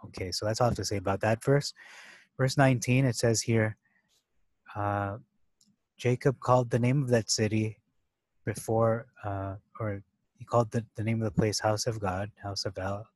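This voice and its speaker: A man's voice: on the low side, fairly even intonation, moderate pace, pauses often, a little mellow, no room sound, low-quality recording. A man talking through a Bible passage in a loose, thinking-aloud way, with many fillers and restarts and stressed key words. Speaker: Bible teacher. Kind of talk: casual scripture study talk.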